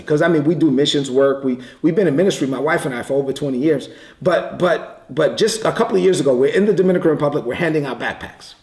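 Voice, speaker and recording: A man's voice: on the high side, darkish tone. Echoey preacher man telling a story. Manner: conversational, repeats words, quick bursts. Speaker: pastor. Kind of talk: sermon storytelling. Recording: echoey room.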